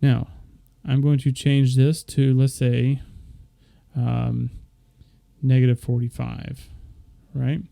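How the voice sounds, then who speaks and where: A young man with a medium-pitched, level, slow, gravelly and mellow voice casually walks viewers through his microphone settings. He's a streamer explaining his audio setup in a loose, rambling screen-share tutorial full of fillers.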